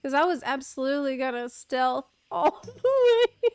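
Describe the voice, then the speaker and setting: A woman's voice: high voice, very animated, normal speed, darkish tone. A woman in her thirties streaming a game, chatting casually with her chat. She laughs often and swears casually. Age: 30s. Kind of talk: casual live-stream chat while gaming.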